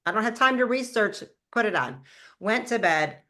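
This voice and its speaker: A woman in her fifties telling her skincare story to a live call, animated and talking fast, often jumping up in pitch to act out past conversations. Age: 50s. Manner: animated storytelling, acting out her own past lines in a higher voice. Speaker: product formulator and brand promoter. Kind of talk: testimonial talk to a live call.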